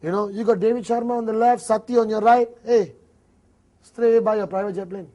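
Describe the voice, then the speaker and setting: Man, Malaysian English accent, high-pitched, animated seminar trainer, acts out dialogues. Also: brisk, dull audio. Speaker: network marketing trainer. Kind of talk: motivational seminar talk.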